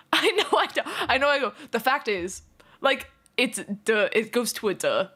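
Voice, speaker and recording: A young woman chatting casually on a live stream, talking fast, giggling and fretting over how she pronounces words. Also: a little high, big pitch swings, pushed and bright. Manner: fast-talking, giggly, self-conscious about her pronunciation.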